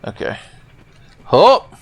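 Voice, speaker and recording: A man giving let's play commentary in a jokey, profane, rambling way. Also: very slow. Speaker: gameplay commentator.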